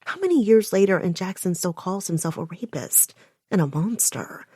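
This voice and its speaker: Intimate low-voiced woman narrating. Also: very animated, normal speed, mellow, husky, no echo, clean studio sound. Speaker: audiobook narrator. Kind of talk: first-person romance audiobook narration.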